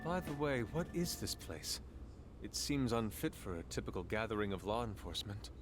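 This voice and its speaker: Game dub: prim talking cat, formal and courteous, loud score behind. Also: male voice, lowish voice, very animated, moderate pace, music in the background. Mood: dry.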